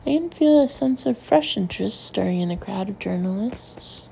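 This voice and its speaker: A woman reading a novel aloud in the first person, with measured, expressive storytelling. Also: medium pitch, creaky, highs cut off, slight background noise. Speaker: audiobook narrator.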